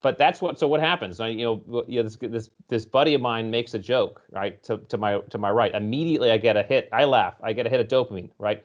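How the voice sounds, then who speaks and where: A man being interviewed as a guest author, explaining ideas and telling stories in a lively conversational way. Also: medium pitch, fast talker, few pauses, muffled recording. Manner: storytelling, explanatory, animated when recounting.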